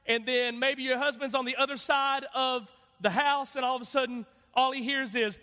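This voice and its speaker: A man's voice: very high voice, steady tone, moderate pace, sharp tone, long reverb tail. A man preaching a sermon as a guest pastor, chatty and joking, with many fillers and restarts. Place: church sanctuary.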